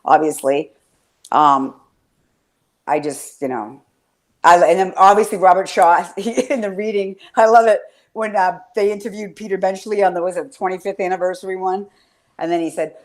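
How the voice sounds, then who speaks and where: A woman's voice: fairly low pitch, fairly even intonation, moderate pace. Rambling, profane woman hosting a fan chat. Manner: rambling, profane and enthusiastic, trailing off mid-sentence. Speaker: podcast host.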